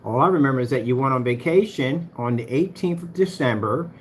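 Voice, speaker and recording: A man's voice: mid-range voice, animated, fairly quick, slight background noise. A man hosting a livestream, ranting in a heated, mocking way and talking straight to his chat. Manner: heated, mocking, repetitive, talks to chat directly. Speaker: livestream host.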